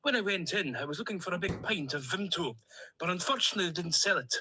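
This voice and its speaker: A man does a comic voice-note monologue as a chatty plastic male duck with a Scottish Stornoway accent, telling long, jolly, rambling stories. His exaggerated voice sits high and is sharp, fast, and lively in intonation. The audio is poor, with a little hiss or hum.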